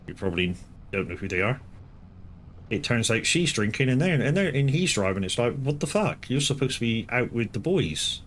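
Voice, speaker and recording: Slight background noise sits under this lowish, fairly bright male voice. As a live streamer playing a farming game, he gives casual commentary full of rambling, swearing and repeated restarts.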